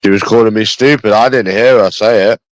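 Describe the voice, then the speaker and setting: A young man with a London accent talks casually to his livestream viewers. He is blunt and swears a lot, calling everyone bro. His voice sits low, and it is recorded dry and close. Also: steady tone, brisk, dry recording, poor audio. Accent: London English. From England.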